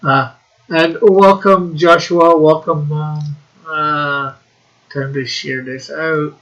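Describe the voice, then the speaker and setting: A man's voice: a little high, steady tone, slow, a bit bright, dull audio. A man hosting a casual livestream, tired and muttering to himself as he sets things up. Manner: tired, mumbling to himself while setting up. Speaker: livestream host.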